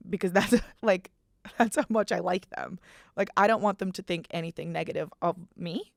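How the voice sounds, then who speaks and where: A young woman in her twenties hosts her podcast in a loose, rambling chat, poking fun at herself and swearing freely. Her voice carries a gravelly vocal fry, and the recording is close and dry, with no room sound. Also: medium pitch, no echo. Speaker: podcast host. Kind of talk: casual chat.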